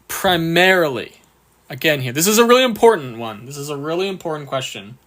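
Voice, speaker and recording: High-voiced upbeat male tutor. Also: animated, fairly bright tone. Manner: upbeat, reads questions slowly, thanks viewers often. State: hiccuping. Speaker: exam prep tutor. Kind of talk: live-stream Q&A lesson.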